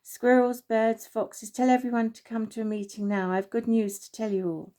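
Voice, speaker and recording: A woman voicing a kind, wise old male oak tree who speaks warmly but firmly, in a storybook reading. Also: a little high, flat delivery, moderate pace, natural voice. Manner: warm but firm.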